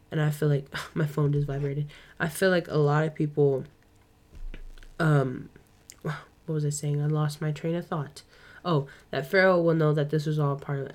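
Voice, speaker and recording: A young woman hosting a podcast, talking through a Bible story in a casual, chatty way with quick asides. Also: low-pitched, a little mellow. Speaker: podcast host.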